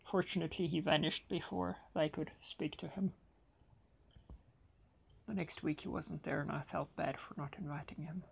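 Gravelly, husky man telling a story. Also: fairly high pitch, steady tone, moderate pace. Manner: dramatic storytelling with acted-out dialogue. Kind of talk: personal anecdote told dramatically.

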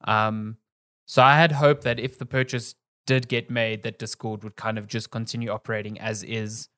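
A man's voice: on the low side, level tone, moderate pace, fairly bright tone, no room sound, studio quality. A man co-hosting a casual podcast, easygoing and thinking aloud as he talks. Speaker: podcast co-host. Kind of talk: casual chat.

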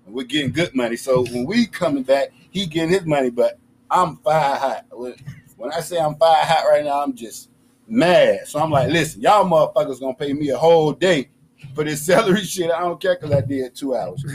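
A young man, telling a profane, animated story in casual chat with friends. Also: normal speed, a little hiss or hum. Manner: animated, profane, acts out quotes with big pitch jumps.

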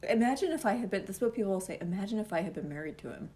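A young woman recounts a dramatic personal story in casual conversation. She talks animatedly at a middle pitch and laughs often along the way. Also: expressive, rapid-fire, dark tone. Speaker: guest telling a personal story.

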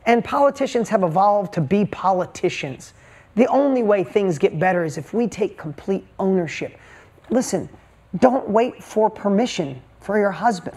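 A woman's voice: mid-range voice, mellow, breathy edge. A woman motivational speaker addressing a live audience from a stage, talking in short punchy bursts and firing rhetorical questions at the crowd.

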